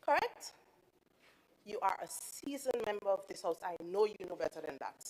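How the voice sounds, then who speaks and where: A woman chairing a parliamentary sitting as presiding officer, firm and measured. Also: medium pitch, expressive, a little mellow, rough recording. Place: legislative assembly chamber.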